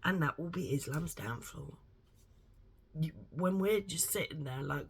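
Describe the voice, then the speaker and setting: A woman talks straight to her viewers in a loose, rambling rant. Her voice is gravelly with a husky, breathy edge. She is blunt, swears constantly and leans hard on every point. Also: sits low, lively intonation, measured pace. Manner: blunt, heavily swearing, emphatic. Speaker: vlogger. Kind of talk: rambling opinion monologue to camera.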